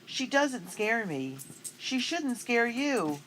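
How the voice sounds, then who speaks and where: A woman's voice: a little high, big pitch swings, slow pace, a bit bright, a little hiss or hum, voice pushed up, exaggerated voice, low-quality recording. A woman voicing a bold, spirited young colonial girl in a storybook, speaking confidently and coolly. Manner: confident, cool.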